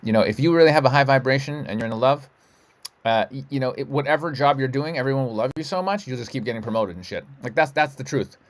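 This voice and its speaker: A man's voice: mid-range voice, fast. A middle-aged man hosting a livestream, giving a rambling spiritual talk in a loose, profane, emphatic way. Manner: loose, profane and emphatic, frequent "you know what I'm saying".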